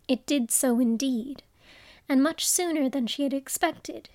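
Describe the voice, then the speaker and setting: A woman narrating a storybook in a measured, expressive way. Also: high-pitched, no echo. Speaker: audiobook narrator.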